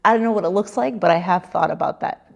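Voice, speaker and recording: A woman comedian answering interview questions at a convention, telling lively stories and slipping into quoted voices. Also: on the low side, quick pace, vocal fry. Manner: lively storyteller who slips into quoted voices. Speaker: comedian and content creator.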